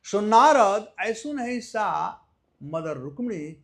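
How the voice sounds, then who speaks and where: A man with an Indian accent giving a devotional lecture, telling a story with loud stresses and soft drops and nonstandard English grammar. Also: sits high, big pitch swings, measured pace. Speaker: visiting speaker at a temple.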